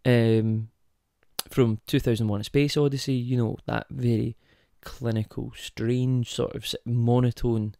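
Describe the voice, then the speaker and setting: Speaking at medium pitch with a level tone and measured pace, this podcast host has a creaky, dark voice captured dry in a clean studio. Alone at the mic, he delivers a casual monologue full of tangents and rhetorical questions.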